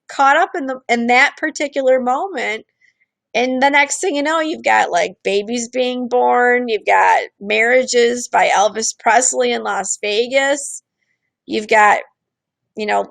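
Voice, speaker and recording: Woman, show host, gravelly fry, casual candid talk, restarts sentences, dry close sound. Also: on the high side, a bit bright, no room sound. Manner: candid, acts out quoted voices, frequent restarts.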